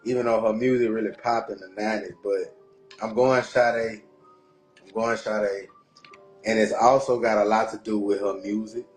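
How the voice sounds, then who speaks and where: A man's voice: fairly low pitch, fairly even intonation, moderate pace, soft background music. Slangy laid-back man in casual chat. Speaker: podcast co-host.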